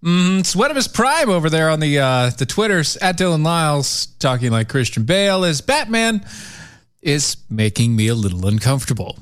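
A man's voice: on the high side, very animated, normal speed, fairly bright tone, clean tone. A man co-hosting a casual talk show in a bantering, laid-back way. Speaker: co-host. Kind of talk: casual chat.

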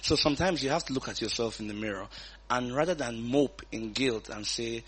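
Guy preaching casually in a chat, bright clear voice, animated, laughs a lot. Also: medium pitch, brisk. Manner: animated, reads verses aloud, chuckles often. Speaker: pastor teaching scripture. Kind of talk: conversational Bible teaching.

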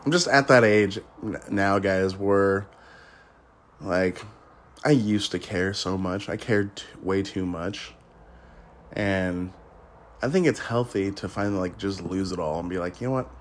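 A man's voice: deep voice, measured pace, slight background noise. A man in his thirties hosting a podcast, rambling casually in a blunt, crude way and laughing often. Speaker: podcast host.

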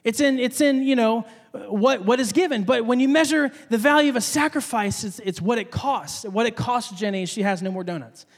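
A man's voice: very high voice, normal speed, few pauses, long reverb tail. A man giving a casual, conversational sermon, often repeating words and acting out the people in his story. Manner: conversational, repeats words, acts out quoted voices. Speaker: preacher.

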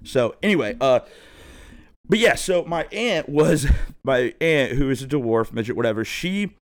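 A man's voice: mid-range voice, lively intonation, a little slow. A man in his thirties, a podcast host, telling a rambling, profane story in a laid-back way. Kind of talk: casual storytelling monologue.

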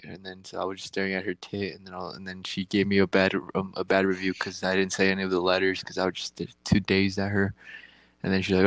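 A man's voice: sits low, completely flat delivery, quick pace, fairly bright tone, dry recording. A young man telling a crude story in casual chat, rambling and slangy, laughing at his own jokes.

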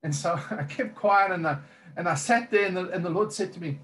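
A man's voice: sits high, fairly quick, a bit bright, slight background noise. A man who is a minister, earnestly telling a personal testimony in conversation, rambling with many fillers and restarts.

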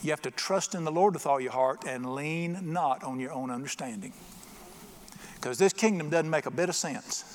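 A man's voice: fairly high pitch, moderate pace. A middle-aged man preaching a sermon as pastor, folksy and storytelling, acting out little voices in his jokes. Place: church sanctuary. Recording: long church reverb.

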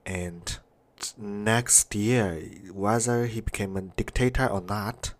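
Casual male vlogger, lowish voice, reads jokes, giggles and trips over words. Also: slow. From Canada. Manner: laughs often, stumbles over words. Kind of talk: casual reading of online jokes.

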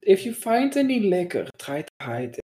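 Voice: medium pitch, very animated, moderate pace, warm tone. A player in a tabletop game with a playful, joking manner. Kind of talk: casual tabletop play.

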